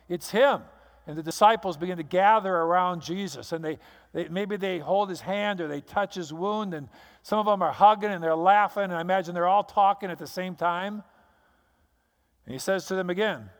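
A man preaching a sermon as pastor, telling the story dramatically and acting out the scenes. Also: high-pitched. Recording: long hall reverb.

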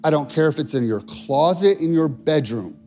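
Guy pastor preaching, kinda high voice, chatty and earnest, soft music behind. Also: animated, moderate pace. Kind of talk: sermon.

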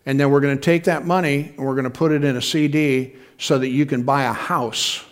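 A man's voice: mid-range voice, fairly even intonation, fairly quick, clear, resonant tone. A middle-aged man preaching a sermon in a folksy, conversational way, with frequent asides to the congregation. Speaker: pastor.

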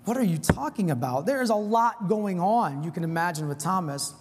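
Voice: mid-range voice, animated, fairly quick, few pauses, slight background noise. A preacher giving an informal, earnest sermon, with frequent casual asides. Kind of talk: conversational sermon. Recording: long hall reverb.

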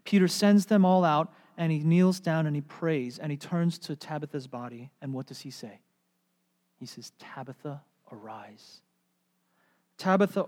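A pastor preaching a sermon, animated and storytelling, then going soft and hushed. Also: medium pitch, in a large hall. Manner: animated storytelling, drops to soft hushed tones for quoted words.

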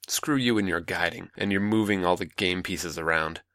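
A man's voice: low-pitched, moderate pace, fairly bright tone, no room sound. A man playing a bitter, wounded young man who talks resentfully and swears, in a dry close recording.

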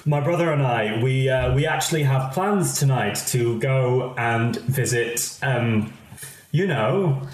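A man's voice: medium pitch, slow. A man playing a tabletop game, speaking in character with evasive, stammering excuses. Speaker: player. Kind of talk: in-character tabletop role-play. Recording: roomy with faint noise.

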